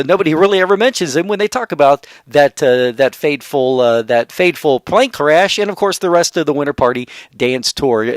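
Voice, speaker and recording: A man hosting an oldies radio show, chatting casually about old records with lots of pauses and fillers. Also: fairly high pitch, no echo. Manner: rambling, many "uh" fillers, trivia-sharing.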